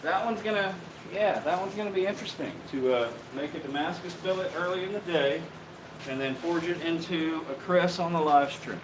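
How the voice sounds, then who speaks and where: A man hosting a bladesmithing live stream, relaxed and joking, swearing casually as he signs off. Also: fairly high pitch, normal speed, noisy background. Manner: relaxed, joking, swears freely, many fillers.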